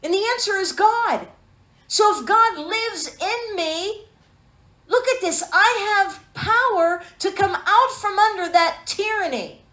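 Woman preacher, high voice, emphatic sermon delivery, echoey room. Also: animated, slow, sharp tone. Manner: emphatic, calls for amens, rhetorical questions.

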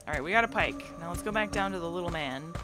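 A woman's voice: fairly low pitch, expressive, quick pace. A woman hosting a let's play, chatting playfully and casually as she plays and now and then breaking into song. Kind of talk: casual gameplay commentary. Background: game music.

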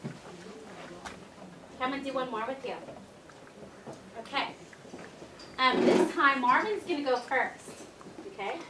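A woman teaching first graders, giving slow, clear instructions to the class. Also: high-pitched, animated. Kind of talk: classroom lesson. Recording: echoey classroom, distant mic, noisy.

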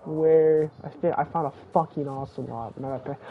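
A young man giving casual live commentary while playing a game, excitable and swinging between muttering and squealing. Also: fairly high pitch, moderate pace. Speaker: gaming streamer. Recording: tinny phone-like stream audio, faint noise.

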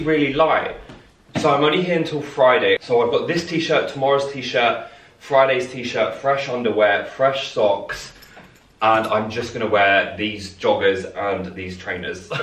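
A young man vlogging from a hotel room, chatty and easily thrilled, exclaiming at everything he finds. His voice sits at a middling pitch, and a faint hiss runs under the camera audio. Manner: excitable, gushing, chatty with frequent exclamations. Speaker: travel vlogger. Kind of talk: casual vlog to camera. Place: seaside hotel room, indoors.

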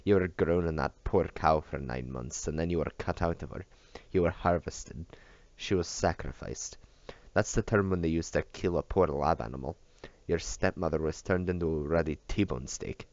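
A man's voice: rumbling low, moderate pace, darkish tone, no room sound. A man reading aloud voices a drunk, furious male bodyguard who slurs and roars, on a dull, dry recording. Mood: bitter. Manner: slurred, roaring.

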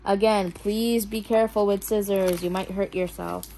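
A woman's voice: medium pitch, fairly even intonation, normal speed, warm tone, slight background noise, rough recording. A woman vlogger chatting casually to herself as she unboxes and builds a toy house, nervous and fretting that she will mess it up. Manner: nervous, self-talking, keeps saying she is scared. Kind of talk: casual unboxing and crafting commentary.

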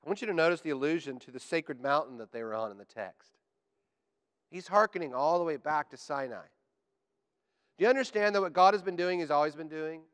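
A man preaching a sermon to a congregation, animated and joking, building up to emphatic declarations. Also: fairly high pitch, a little fast, clean tone. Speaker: pastor. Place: church sanctuary. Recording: church hall with long reverb.

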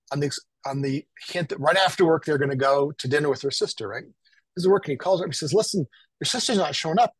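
A man, telling lively anecdotes as a photographer guest and acting out what people said. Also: mid-range voice, breathy edge, no echo, low-quality recording. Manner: animated anecdotal, acts out quotes. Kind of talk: casual storytelling.

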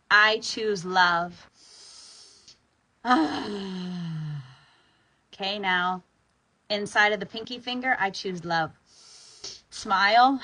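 A woman's voice: mid-range voice, bright, forceful tone, low-quality recording. A woman guiding an EFT tapping session, talking informally, sighing on the exhales and sometimes pressing hard for emphasis.

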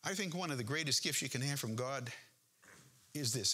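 Pastor guy preaching hard, kinda husky, bright edge to his voice. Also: mid-range voice, expressive, normal speed. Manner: earnest, impassioned preaching with rising emphasis. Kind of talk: sermon. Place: church.

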